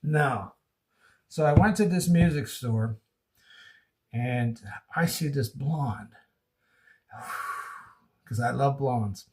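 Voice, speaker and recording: A man's voice: medium pitch, drawn-out words, pauses often, a little mellow. A man vlogging into his phone, rambling casually in a goofy way and laughing often. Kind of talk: casual rambling monologue to camera.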